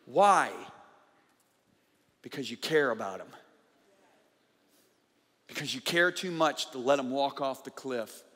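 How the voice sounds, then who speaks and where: A man preaching a conference sermon, emphatic, swinging from loud bursts to quiet intensity. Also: mid-range voice, lively intonation, slow pace, long pauses. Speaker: guest preacher. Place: large church conference hall. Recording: live hall with long reverb.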